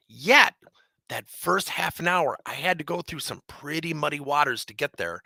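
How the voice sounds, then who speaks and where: A man leading a leadership training session, telling a coaching story with animated, acted-out dialogue. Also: fairly high pitch, normal speed, vocal fry, dry recording.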